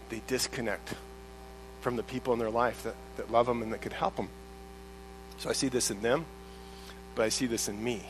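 A man's voice: mid-range voice, a bit bright, slight background noise, rough recording. A man preaching a sermon as a pastor, in a conversational way with many restarts and acted-out quotes.

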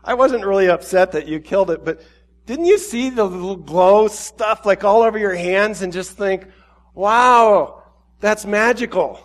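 A man's voice: medium pitch, expressive, takes it slowly, long pauses, breathy edge. Give me a preacher playing a tender, heartbroken god pleading with his people. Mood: wistful. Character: grieving loving male god addressing humanity.

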